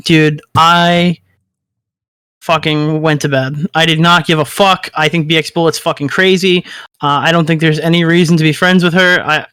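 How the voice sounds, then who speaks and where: A man's voice: a little high, level tone, moderate pace, bright, forceful tone, clear, resonant tone, dry recording, clean studio sound. A man chatting casually as a podcast co-host, blunt, profane and mocking. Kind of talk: casual chat.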